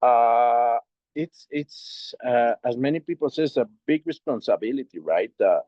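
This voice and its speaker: A man's voice: mid-range voice, mellow, no room sound. Mexican-accented man on a dull, dry video call. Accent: Mexican Spanish. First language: Spanish. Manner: halting, many repeated words. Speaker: guest speaker.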